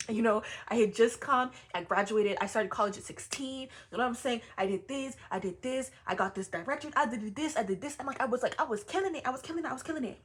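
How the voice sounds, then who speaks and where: Animated young woman vlogging casually. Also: a little high. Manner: animated, swearing, repetitive, laughing asides. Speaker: spiritual content creator. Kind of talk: casual personal vlog monologue.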